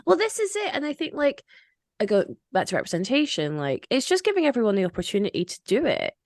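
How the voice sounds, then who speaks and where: A woman hosting a podcast in casual discussion, animated and opinionated, with frequent "like" fillers. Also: fairly high pitch, quick pace, dry recording, clean studio sound. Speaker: podcast host.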